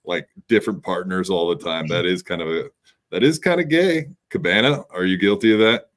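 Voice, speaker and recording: A man's voice: sits low, a little fast, fairly bright tone. A man co-hosting a podcast, laid-back and hesitant, with many fillers. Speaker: podcast co-host. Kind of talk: casual podcast chat.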